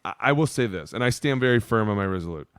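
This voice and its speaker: A man in his thirties, a podcast co-host telling stories in a loose, profane, animated way. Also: lowish voice, fast, smooth, no echo, clean studio sound. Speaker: podcast co-host, former player. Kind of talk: casual storytelling chat.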